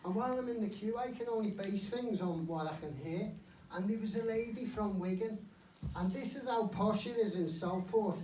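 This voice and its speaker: A man's voice: high voice, moderate pace, dark tone, slight background noise. A man doing a live stand-up set. He tells his stories in a blunt, sweary way. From Liverpool area. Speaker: stand-up comedian. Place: comedy club stage. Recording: echoey club from far off. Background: audience laughter.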